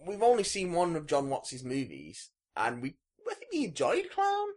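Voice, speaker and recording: A young man co-hosting a podcast, trading wry, deadpan quips in casual chat. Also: on the high side, normal speed. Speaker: podcast co-host.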